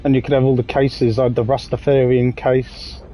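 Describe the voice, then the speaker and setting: A man's voice: medium pitch, flat delivery, normal speed, mellow, low-quality recording. A man in his thirties with an English accent, chatting in a rambling, jokey way while streaming a game and swearing casually. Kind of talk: casual gaming commentary.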